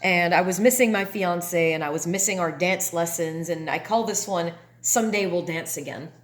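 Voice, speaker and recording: A woman's voice: fairly low pitch, moderate pace, soft background music. A woman artist casually walking through her paintings, chatty and candid as she explains each one. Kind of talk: casual walkthrough of artworks. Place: home painting space. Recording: echoey room with faint noise.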